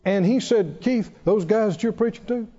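Man preaching with high, rising voice. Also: moderate pace, dark tone, highs cut off. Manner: emphatic preaching, pitch surging on key phrases. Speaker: pastor. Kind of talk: sermon.

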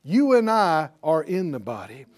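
A man's voice: fairly high pitch, unhurried. A man preaching a sermon, telling stories and acting out the dialogue, with call-and-response to the congregation. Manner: animated storytelling, acting out dialogue.

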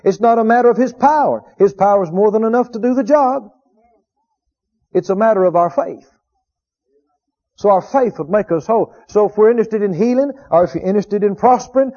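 Male preacher, high voice, emphatic and repetitive delivery, muffled lo-fi sound. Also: dark tone. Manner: emphatic, repeats key phrases, drawn-out quotes of scripture. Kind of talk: sermon. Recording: dull lo-fi recording.

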